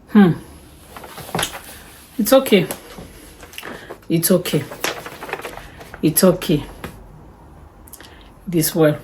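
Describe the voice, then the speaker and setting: A woman's voice: low voice, a little mellow. A woman vlogger talking casually to camera, chatty and exclaiming as she walks through what she spent. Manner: chatty, exclaims and sighs over the costs. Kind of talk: casual cost breakdown talk to camera.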